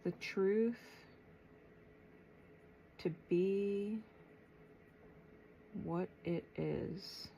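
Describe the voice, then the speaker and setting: A woman tarot reader channeling messages aloud, thinking as she goes, with long pauses and a soft, unhurried way of talking. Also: mid-range voice, gravelly, lo-fi sound, a little hiss or hum. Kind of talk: slow, reflective spiritual channeling.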